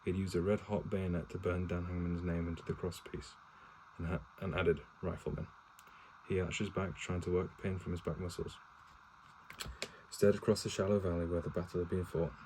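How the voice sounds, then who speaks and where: Casual home reader, male, low warm voice, stumbling plain read-aloud with self-corrections and cursing asides, no character voices. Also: flat delivery, a little fast, a little hiss or hum, rough recording. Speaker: reader reading a novel aloud to his partner.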